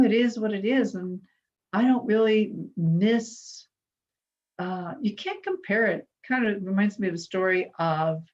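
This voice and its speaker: A woman's voice: lowish voice, a little mellow, muffled recording. Chatty woman telling folksy stories. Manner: chatty storyteller, folksy and humorous. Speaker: inspirational speaker at a spiritual center. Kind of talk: conversational inspirational talk.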